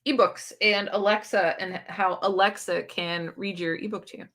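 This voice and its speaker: A woman with a bright, forceful voice hosting a relaxed livestream. She chats loosely, laughs a lot and answers viewer comments as they come in. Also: mid-range voice, moderate pace. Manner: chatty, laughs often, reads viewer comments aloud. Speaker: book channel host. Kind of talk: casual livestream chat.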